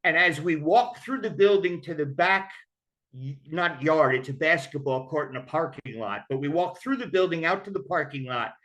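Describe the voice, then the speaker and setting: A man's voice: a little high, moderate pace, a bit bright. A man telling his own story of recovery in a candid, conversational way. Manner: candid, conversational, acts out quoted voices. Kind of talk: personal storytelling.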